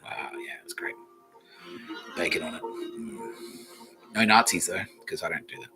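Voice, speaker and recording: A man's voice: low voice, huge pitch swings, unhurried, over music, rough recording. An Australian man hosting a podcast, rambling casually and swearing freely. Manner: swears freely, loose and laughing. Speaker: podcast host.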